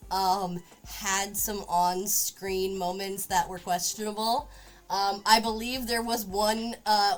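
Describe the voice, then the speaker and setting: A woman streamer chatting casually while crafting at home, often cooing at her cat. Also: medium pitch. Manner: chatty, talks baby-talk to her cat. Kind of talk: casual livestream chat.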